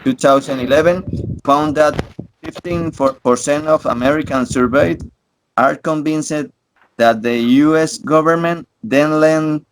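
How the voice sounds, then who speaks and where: A man's voice: a little high, measured pace, slight background noise, low-quality recording. A young man moderating a class debate in English, hesitant and repeating words. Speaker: student moderator.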